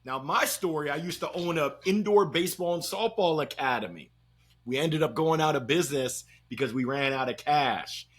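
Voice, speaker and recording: A man telling stories as a guest on an interview show, in a playful, slangy, animated way. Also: a little high, normal speed, husky. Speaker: guest, sales speaker. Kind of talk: energetic interview storytelling.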